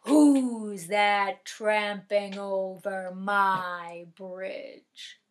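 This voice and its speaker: A woman putting on a slow menacing troll. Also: medium pitch, steady tone, voice pushed down. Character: terrible hungry male troll, gloating.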